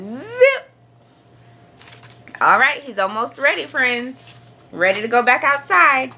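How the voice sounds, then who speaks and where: A storytime host reads a picture book aloud to children, playful and animated, performing the sound-effect words with gusto. Her voice is high and husky.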